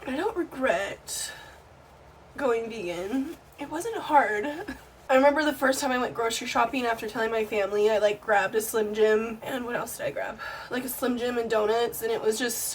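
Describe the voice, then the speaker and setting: A young woman talks straight to her camera in a loose, chatty vlog style, frank and quick to laugh. Her voice sits a little high, and she drops the odd swear word without fuss. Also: a little hiss or hum. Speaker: vlogger. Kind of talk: casual chat to camera.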